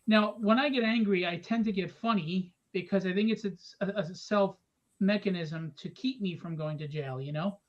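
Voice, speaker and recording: A middle-aged man hosts a livestream and tells stories in loose, casual chat. He is animated and swears freely, and he acts out each person in his tales. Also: sits high, normal speed, lo-fi sound, slight background noise. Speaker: livestream host.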